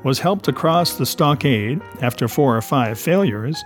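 A man's voice: medium pitch, animated, faint music behind. Man narrating an adventure audiobook. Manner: measured, storytelling. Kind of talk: scripted narration of a classic adventure novel.

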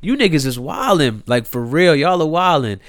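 A man's voice: fairly high pitch, lively intonation, normal speed, no room sound, studio quality. A man, delivering a heated, incredulous rant, swearing freely and repeating himself. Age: 30s. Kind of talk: impassioned rant to camera.

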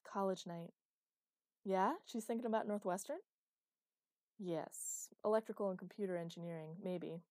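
A woman's voice: medium pitch, moderate pace, pauses often, darkish tone, no room sound, clean studio sound, lightly acted. A woman voicing a blunt, protective young man, dismissive toward his brother. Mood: dry.

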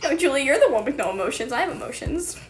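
A woman's voice: high voice, sing-song, very fast, a crowd in the background. A teenage girl co-hosting a casual podcast chat, giggly and emotional, often saying "freaking". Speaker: podcast co-host.

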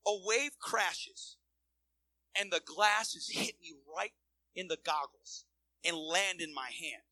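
A man preaching a sermon and telling a personal testimony, swinging between loud emphatic lines and quiet asides, with frequent restarts and repeated words. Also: sits high, lively intonation, slow pace, no room sound, low-quality recording.

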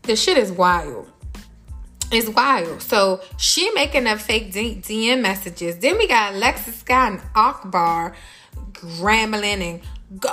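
A young woman hosting a casual celebrity gossip talk, animated and exasperated, cursing and repeating herself as she rants. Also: high-pitched, normal speed, soft background music. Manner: animated, exasperated, profane and repetitive. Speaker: host.

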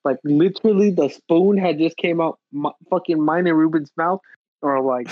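Animated young man telling a story. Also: a little high, normal speed, dry recording, muffled recording. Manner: animated storytelling, heavy swearing, acts out voices. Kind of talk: casual chat.

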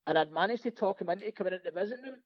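A Scottish comedian rattles through a sweary story in a bright, high voice. He talks quickly and laughs along with his own tales. The recording is dry and a little dull. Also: expressive, dry recording. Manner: rapid, profane, laughing anecdotes. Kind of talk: casual storytelling.

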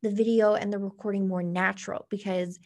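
A woman talking straight to camera, teaching on-camera speaking tips in a casual instructional way, with lively inflection and deliberate pauses. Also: medium pitch. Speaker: online presenter giving on-camera tips. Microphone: camera facing the speaker.

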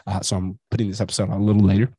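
Here a podcast host in his thirties speaks very fast in a level tone, his fairly low voice dark and husky, on a dry recording. Despite a migraine, he carries on a casual motivational monologue that's blunt, profane and self-reflective.

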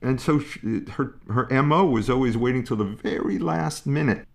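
A man explaining parenting ideas in a calm, musing way, pausing and restarting as he thinks. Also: medium pitch, creaky. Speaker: parenting expert guest. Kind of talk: conversational explanation.

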